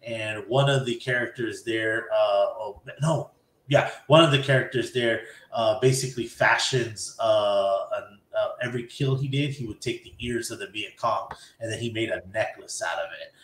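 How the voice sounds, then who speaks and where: Animated man retelling an anime episode. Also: fairly low pitch, moderate pace, roomy sound. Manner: animated retelling, acting out character lines. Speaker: podcast host. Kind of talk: casual anime episode recap.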